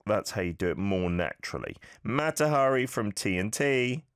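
Lively low-voiced male language-coach host. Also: normal speed, clean tone, dry recording, clean studio sound. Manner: upbeat, encouraging, playfully nitpicky. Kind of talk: radio-style language coaching of listener messages.

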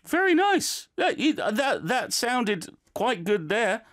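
Encouraging male teacher, lively voice. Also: extremely high pitch, slow pace. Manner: encouraging, chatty, with frequent fillers. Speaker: language teacher giving feedback. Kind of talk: friendly feedback on learners' clips.

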